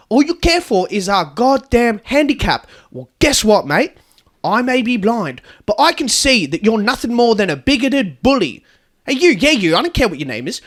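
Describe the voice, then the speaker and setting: A man's voice: very high-pitched, a bit bright, exaggerated voice. A man voicing a blind, foul-mouthed female bus tour guide in a comedic storytelling podcast. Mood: furious, insulting. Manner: swings from chirpy guide patter to furious swearing.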